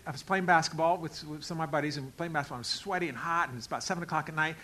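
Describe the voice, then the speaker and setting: Middle-aged male pastor, bright, slightly high voice, animated storyteller acting out scenes in his sermon. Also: very fast, few pauses, rough recording. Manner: animated, acts out dialogue with big swings in loudness.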